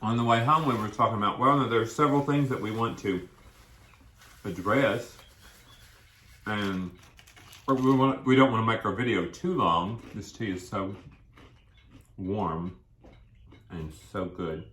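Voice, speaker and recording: A food vlog co-host sits at an indoor table eating and chatting in casual mukbang style, rambling from one thought to the next with food in his mouth. His voice is on the low side and fairly bright, a little slow with long pauses, and the room is echoey.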